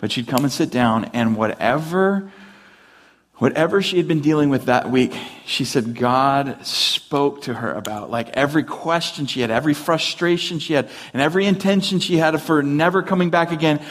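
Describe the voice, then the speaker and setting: Male pastor, a touch high-voiced, casual sermon delivery, dry humor, frequent self-corrections. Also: moderate pace. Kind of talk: conversational sermon.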